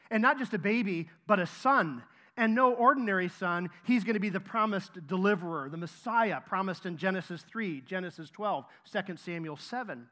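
A man's voice: sits high, sharp tone. A man preaching a sermon to his congregation, emphatic and repeating key phrases for stress. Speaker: pastor.

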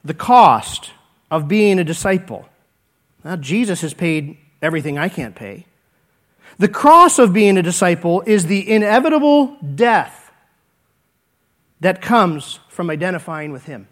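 A male pastor delivering an earnest, repetitive sermon. His voice sits fairly high and moves widely. It drops from emphatic declarations to hushed asides. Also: big pitch swings, a little slow.

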